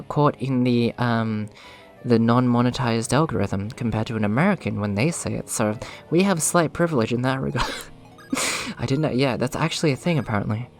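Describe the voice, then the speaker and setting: Rambling, joking male gamer. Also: medium pitch. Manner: rambling, self-deprecating, laughs at own jokes. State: voice slightly worn. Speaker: let's play gamer. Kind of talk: casual gameplay commentary.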